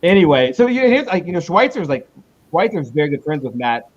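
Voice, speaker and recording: A male comic book creator, a guest in an interview, talks casually in a sing-song voice that's a bit high for a man. He rambles and cuts himself off on the way back to his point, jumping quickly in pitch when retelling things. The recording is muffled and lo-fi.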